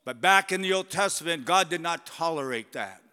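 A male pastor preaching a sermon in a church, animated and conversational, swinging between loud and whispered passages. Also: on the high side, moderate pace, smooth. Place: church sanctuary. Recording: long church reverb.

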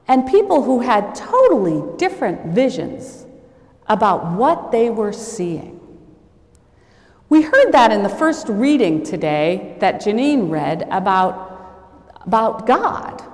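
Lively woman preaching in an echoing hall. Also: sits high. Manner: storytelling, acting out quoted voices lightly. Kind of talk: sermon with a story. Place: church. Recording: long reverb of a large hall.

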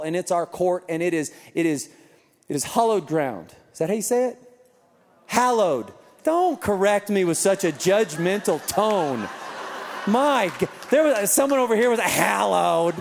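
Man, pastor, funny sermon story, high voice, long hall reverb. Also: darkish tone. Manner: humorous storytelling.

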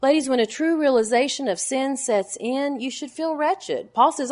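A women's Bible teacher in her forties preaches a sermon to a gathering of women at normal speed. She presses her points with emphatic, repeated words, then drops into hushed, low lines.

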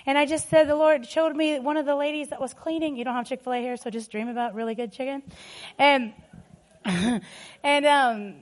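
A middle-aged woman preaching a sermon, telling personal stories emphatically and laughing often. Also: high-pitched.

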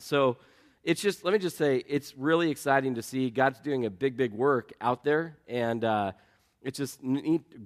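A man preaching a sermon as pastor, in a conversational storytelling way with self-deprecating humor, getting lively as he tells anecdotes. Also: medium pitch. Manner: lively, rising when telling anecdotes.

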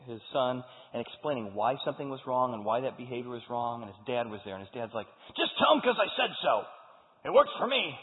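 A man preaching a sermon to a congregation, talking in an animated way and acting out the voices of the people he quotes. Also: mid-range voice. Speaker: pastor. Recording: phone-like sound with long hall reverb.

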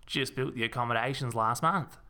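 A man's voice: medium pitch, fairly quick, sharp tone. A man reading aloud, voicing a cheerful, eccentric male zookeeper, lecturing matter-of-factly.

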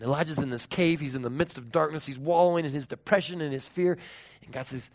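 A man in his thirties preaching a sermon as pastor, earnest, moving between raised emphasis and hushed, tender tones. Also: medium pitch, fairly quick.

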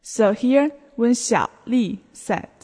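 Woman teacher going slow through a podcast lesson, clear delivery, long reverb on it. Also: a little high, animated, warm tone. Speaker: language teacher.

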